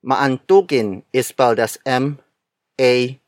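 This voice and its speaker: A man narrating a scripted language lesson, speaking slowly and carefully, repeating words and spelling them out letter by letter. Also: mid-range voice, no echo, clean studio sound. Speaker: language teacher.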